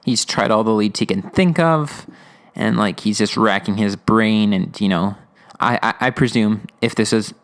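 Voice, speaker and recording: A man's voice: lowish voice, moderate pace, a bit bright. A man hosting a podcast, casually talking through an episode with lots of fillers and laughs. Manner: rambling, laughing, many fillers. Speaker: podcast host reviewing episodes.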